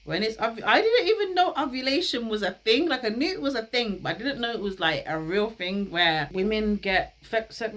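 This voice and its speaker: A woman's voice: on the high side, lively intonation, normal speed, few pauses, a bit bright, poor audio. A young woman, hosting a casual talk. She is chatty, laughs often and uses slang. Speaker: host.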